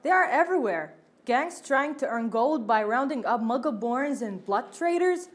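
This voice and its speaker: A woman's voice: a little high, animated, moderate pace. A woman reading as a sheepish teenage boy wizard. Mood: explaining.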